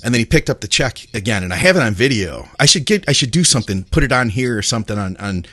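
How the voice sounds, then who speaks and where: Podcast co-host, man, mid pitch, excitable rambling storyteller, dry close sound. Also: quick pace, no room sound. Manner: rambling, excitable, laughs often. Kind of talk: casual storytelling chat.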